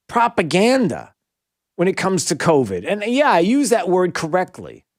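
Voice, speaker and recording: A man hosting a talk radio show, giving an emphatic opinion monologue that rises to near-yelling when he gets riled. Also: high voice, no echo, studio quality.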